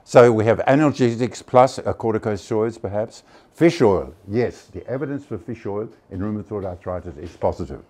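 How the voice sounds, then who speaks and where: A man's voice: lowish voice, expressive, moderate pace, darkish tone. An older man giving a chatty, digressive conference lecture on medicines. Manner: chatty and digressive, many hesitations. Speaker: pharmacology lecturer.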